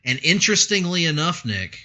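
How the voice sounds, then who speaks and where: A man's voice: fairly high pitch, big pitch swings, a little fast, bright, forceful tone, highs cut off. A man co-hosting a casual comics podcast, chatty and laughing often. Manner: chatty, laughs often, breaks into a mock radio announcer voice. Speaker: podcast co-host.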